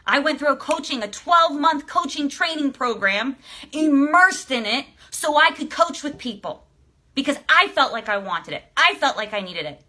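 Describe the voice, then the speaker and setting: A woman life coach talking on a live stream, emotional and excitable, swearing freely as she fires coaching questions at her viewers. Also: high voice, moderate pace. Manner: emphatic, coaching questions to the audience. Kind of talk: motivational live stream talk.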